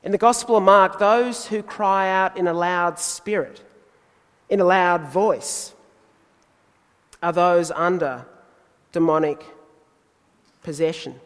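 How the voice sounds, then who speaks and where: Male preacher, sermon, high-pitched, deliberate emphatic pauses. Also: big-room sound.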